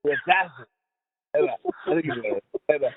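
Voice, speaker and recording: A man's voice: sits high, expressive, fairly quick. A middle-aged man from the United States hosting a podcast, rambling and swearing his way through casual chat with friends, recorded over a phone. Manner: rambling, heavy swearing, laughing. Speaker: podcast host. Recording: tinny phone line, dry.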